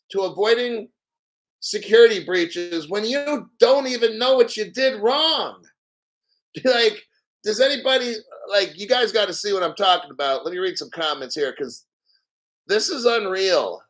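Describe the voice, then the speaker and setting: A man's voice: sits high, fairly bright tone. Incredulous man ranting, laughing often. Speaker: livestream host. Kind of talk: live commentary rant.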